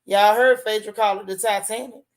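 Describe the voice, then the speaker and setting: A woman's voice: mid-range voice, fairly even intonation, normal speed. A woman hosting a casual gossip livestream, chatting with viewers in a sassy way and repeating lines for emphasis. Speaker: host of a gossip and TV recap livestream.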